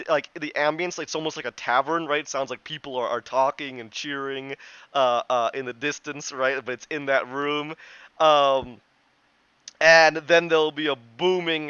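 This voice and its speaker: A man's voice: fairly high pitch, pushed and bright, clear, resonant tone, no room sound. A man narrating a tabletop game as game master, in a loose, chatty way with many restarts. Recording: dull lo-fi, dry.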